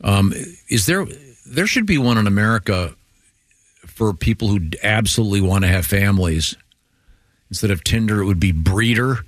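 A man hosting casual show banter, wry and jokey, often halting mid-sentence. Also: lowish voice, expressive, no echo, studio quality. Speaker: show host.

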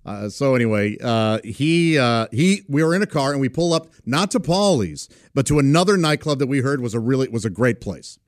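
A man's voice: medium pitch, animated, a little fast, hardly any pauses, dry recording, studio quality. A man in his forties telling rambling, self-deprecating stories in a casual chat, often laughing as he goes. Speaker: storyteller. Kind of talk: casual anecdote.

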